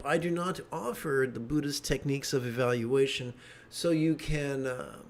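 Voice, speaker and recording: A middle-aged man giving a livestreamed meditation talk, a wry, joking storyteller. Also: mid-range voice. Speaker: meditation teacher.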